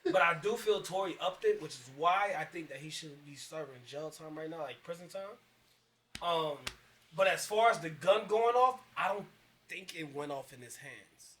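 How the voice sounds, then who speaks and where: Animated slangy man on a podcast. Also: a little high, moderate pace, echoey room, recorded from a distance. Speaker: podcast co-host. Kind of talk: casual group podcast chat.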